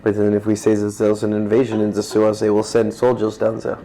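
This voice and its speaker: A man's voice: fairly low pitch, monotone, fast talker, a crowd in the background, rough recording. A man playing a tabletop game, talking in a casual, bantering way. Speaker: player.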